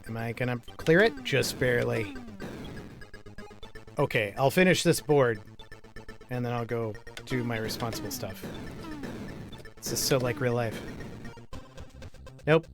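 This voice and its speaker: A man talks loosely and casually over his gameplay, with a mid-pitched voice and plenty of "like" and "um". Faint game music plays behind him. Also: a little slow, gravelly, pauses often. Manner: chatty, rambling, with fillers and small laughs. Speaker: gaming streamer. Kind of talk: casual let's-play commentary.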